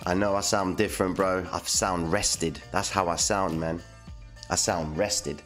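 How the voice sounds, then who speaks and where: Casting note: man hosting a live stream, very low voice, pumped and slangy, faint music underneath. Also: fairly even intonation, normal speed, fairly bright tone. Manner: hyped, slangy, repeats phrases. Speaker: livestream host. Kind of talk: casual live-stream chat. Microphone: condenser mic.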